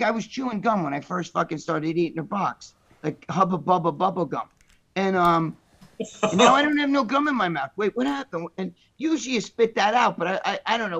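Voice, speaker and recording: High-pitched guy, super hyper, cursing through a raunchy story on a podcast. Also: vocal fry, fairly bright tone, highs cut off. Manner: hyper, profane, rambling storyteller. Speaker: podcast panelist. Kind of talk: crude storytelling chat.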